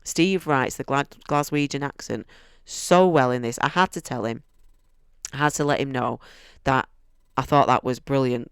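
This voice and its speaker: Man, book reviewer, chatty and enthusiastic; crisp, dry voice. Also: mid-range voice, dry recording. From United Kingdom. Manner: chatty and enthusiastic, restarts sentences often.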